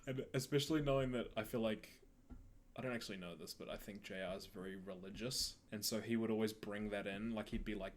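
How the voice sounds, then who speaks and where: A man's voice: lowish voice, fairly even intonation, quick pace. A young man co-hosting a podcast in casual chat, laid-back, laughing often and trailing off mid-sentence. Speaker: podcast co-host.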